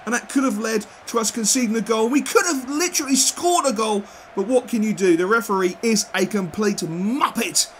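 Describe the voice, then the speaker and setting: A man giving football game commentary as a gaming video host, swinging from loud rants to low mutters. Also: moderate pace, hardly any pauses, a little hiss or hum. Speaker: gaming YouTuber.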